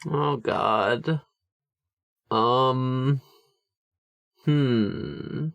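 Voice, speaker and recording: A man's voice: mid-range voice, very slow, vocal fry, fairly bright tone, dry recording. A man co-hosting a podcast in casual chat, musing and rambling, swearing casually. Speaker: podcast co-host. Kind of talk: casual chat about tabletop games.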